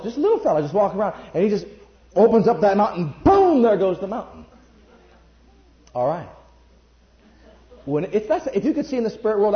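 A man preaching a sermon, emphatic, jumping between loud bursts and quiet asides. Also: high-pitched. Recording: echoey room, dull lo-fi sound.

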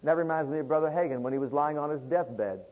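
A man's voice: fairly high pitch, fast talker, muffled recording. A man preaching a sermon, reading long scripture passages aloud and calling out to his listeners. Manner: reads scripture in King James wording, calls listeners beloved.

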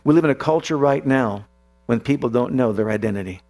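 A pastor delivers a sermon in a mid-range, darkish voice. He preaches emphatically, drawing out his declarations and letting his voice drop and rise suddenly.

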